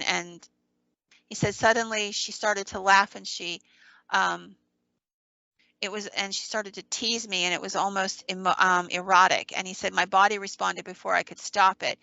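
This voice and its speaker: A woman hosting a podcast, retelling a story with quoted dialogue, pausing with ums and restarting sentences. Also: medium pitch, gravelly, pushed and bright, no echo, highs cut off. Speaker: podcast host. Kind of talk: casual storytelling.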